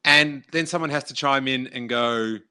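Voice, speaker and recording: A man with a very bright, forceful tone talks in a loose podcast chat. He jumps between thoughts with animated asides and quick restarts. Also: medium pitch, smooth. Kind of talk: casual chat.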